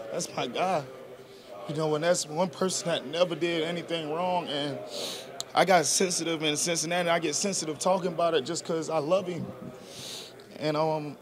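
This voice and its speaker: A young man, a football player answering press questions in an earnest, casual, slangy way. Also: a little high. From South Georgia, US. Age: 20s.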